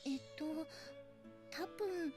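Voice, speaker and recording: An actress voicing an odd, polite young maid who speaks deadpan, in anime game style. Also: female voice, sits high, drawn-out words, music in the background. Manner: deadpan, unbothered.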